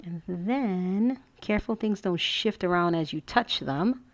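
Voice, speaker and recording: A woman's voice: on the low side, lively intonation, measured pace, no room sound. A woman hosting a casual crafting tutorial, chatty and gushing, thinking aloud as she works.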